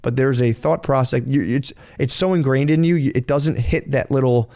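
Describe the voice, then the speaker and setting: A man's voice: mid-range voice, normal speed, darkish tone. Male podcast co-host, mid-range voice, casual and profane, rambles with lots of restarts. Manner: rambling, swears freely, quotes himself in other voices.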